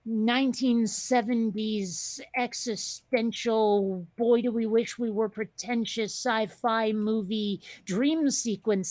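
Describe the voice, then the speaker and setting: A woman's voice: fairly high pitch, a little mellow, no echo. A woman hosting a casual chat show, talking in a rambling, chatty way with lots of fillers and restarts. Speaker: podcast host.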